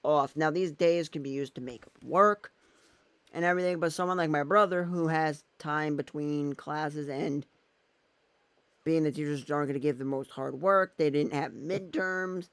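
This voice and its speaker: A man's voice: fairly high pitch, normal speed, gravelly, fairly bright tone, clear, resonant tone, no room sound. A man vlogging in a casual, rambling way, thinking aloud as he goes. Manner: thinks aloud while using his phone and laptop, meandering.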